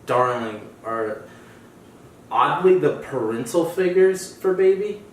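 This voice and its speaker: A man's voice: fairly high pitch, lively intonation, slow, a little hiss or hum. A man co-hosting a movie review podcast, easygoing and agreeable. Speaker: podcast co-host. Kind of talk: casual movie review chat. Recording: echoey room, distant mic.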